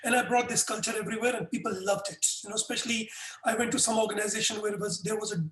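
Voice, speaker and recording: A man's voice: high-pitched, rapid-fire. Echoey, distant middle-aged man telling stories. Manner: animated anecdotes with frequent restarts. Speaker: guest. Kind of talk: conversational storytelling. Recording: echoey room, distant mic.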